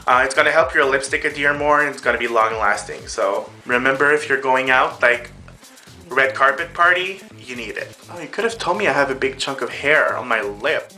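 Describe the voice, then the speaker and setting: Bright chatty man in a makeup tutorial. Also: mid-range voice, lively intonation, brisk, faint music behind. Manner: chatty, addresses viewers as girls and boys. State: out of breath.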